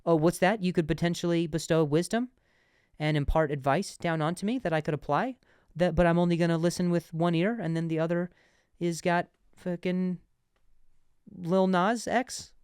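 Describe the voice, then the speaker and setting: A man's voice: on the high side, fairly even intonation, moderate pace, darkish tone, clean tone, no echo, studio quality, pitched above the performer's own voice, lightly acted. A man voicing a smug teenage boy who mocks an old man with exaggerated sarcasm. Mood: sarcastic.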